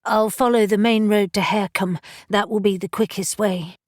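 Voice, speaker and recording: A woman narrator voicing a practical young witch who asks brisk, practical questions. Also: medium pitch, steady tone, dry recording, studio quality, pitched above the performer's own voice, lightly acted. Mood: focused. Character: level-headed young witch, tense but steady.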